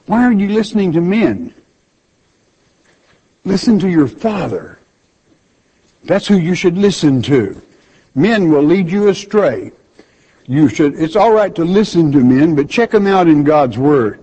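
A man's voice: on the high side, animated, measured pace, mellow. A man preaching a sermon. He reads scripture aloud and bluntly explains it, scolding listeners with rhetorical questions. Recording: dull lo-fi recording.

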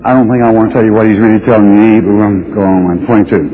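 A man preaching a Bible lesson, reading scripture slowly then breaking into folksy, joking asides. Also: on the low side, level tone, slight background noise. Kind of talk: folksy radio Bible teaching. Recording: tinny phone-like radio broadcast.

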